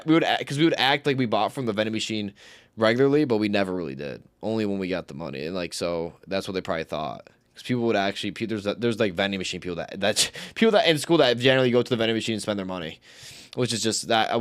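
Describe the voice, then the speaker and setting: A man's voice: lowish voice, no echo. Rambling young male streamer telling stories. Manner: rambling, slangy, swears often and repeats himself. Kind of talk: casual storytelling on a livestream.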